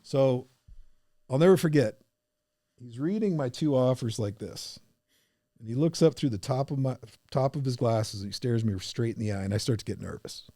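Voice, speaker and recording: A man guesting on a podcast, telling his own story with animated energy and acting out the people in it. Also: mid-range voice, moderate pace, no echo, studio quality. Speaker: podcast guest, business coach.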